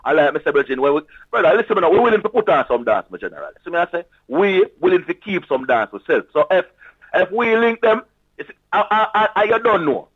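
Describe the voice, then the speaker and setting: A man with a Jamaican accent, boasting in lively patois as a sound system guest in casual radio chat. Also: sits high, quick pace, slightly rough, no room sound. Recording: tinny phone-line audio.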